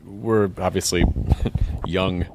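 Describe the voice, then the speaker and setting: A man's voice: low-pitched, steady tone, very slow, background noise. A man from the United States, a podcast host chatting casually, rambling and joking, often repeating words. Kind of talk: casual interview chat.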